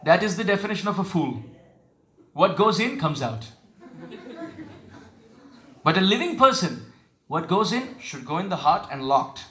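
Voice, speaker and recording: Male preacher with a high, bright voice; asks listeners questions, intones verses slowly; echoey hall. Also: sing-song. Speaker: spiritual teacher. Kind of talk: devotional sermon with call and response.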